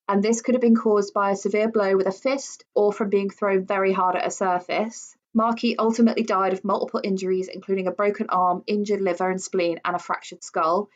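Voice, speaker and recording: A woman with a medium-pitched voice co-hosts a laid-back true crime podcast, chatting away with plenty of fillers and laughter. The recording has its high frequencies cut off.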